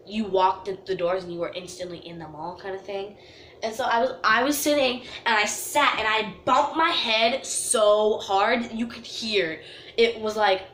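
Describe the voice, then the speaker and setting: A woman telling a storytime vlog story in an animated, dramatic way, full of "like" fillers. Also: mid-range voice, slight background noise. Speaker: vlogger. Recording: echoey room.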